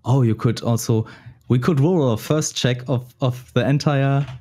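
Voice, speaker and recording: A man's voice: medium pitch, measured pace, warm tone. A man with a German accent narrating a tabletop game as dungeon master, often restarting and repeating words.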